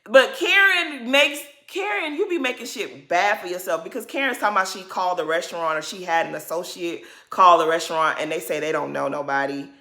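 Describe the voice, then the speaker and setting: A woman's voice: animated, a little fast, few pauses, pushed and bright, roomy sound. A woman giving a casual reality TV recap, sassy, blunt and profane. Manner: sassy, blunt and profane, mimics others in high exaggerated voices.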